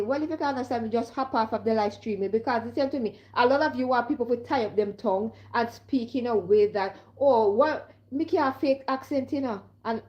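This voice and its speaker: A woman with a Caribbean accent and a slightly high, dark-toned voice talks casually to her viewers in a direct-to-camera live stream. She's emphatic and keeps asking if they understand, and the sound is lo-fi.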